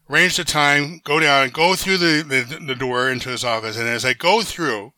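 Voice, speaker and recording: Older man with a very bright voice. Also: mid-range voice, normal speed, few pauses, clear, resonant tone, no echo. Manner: animated anecdote-teller who acts out quoted voices; frequent restarts and self-corrections. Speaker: interview guest. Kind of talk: conversational storytelling.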